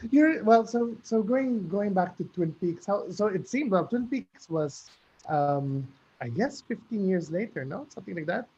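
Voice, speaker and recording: A woman hosting an online festival interview, asking halting questions and giving short encouraging reactions. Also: medium pitch, lively intonation, dark tone, husky, muffled recording.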